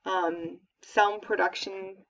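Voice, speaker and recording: A woman's voice: mid-range voice, fairly even intonation, takes it slowly, vocal fry, fairly bright tone. A woman professor giving a lecture, explaining in a conversational way with occasional fillers. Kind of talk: recorded lecture. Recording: dull, distant lecture recording.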